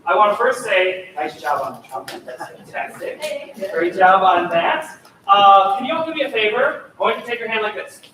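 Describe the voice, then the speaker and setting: A man's voice: high voice, lively intonation, moderate pace, bright, forceful tone, a little hiss or hum. A man coaching a student choir through a rehearsal. He is encouraging and demonstrative, and he sings phrases to show how they should go. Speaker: choir clinician. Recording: echoey hall, mic far off.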